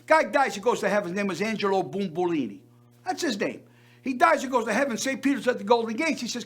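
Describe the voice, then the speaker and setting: Older guy hosting a variety show, high voice, gushing showman style, doubles up words for emphasis. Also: animated, fast, fairly bright tone, slightly rough. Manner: effusive, emphatic, repeats words. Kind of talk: showman's monologue.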